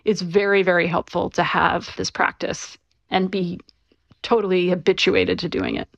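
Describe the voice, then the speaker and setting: A woman who is an author, giving conversational interview answers and explaining things clearly, with casual fillers. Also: lowish voice, level tone, normal speed, no room sound, dull audio. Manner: conversational, clear, with frequent fillers like "you know" and "right".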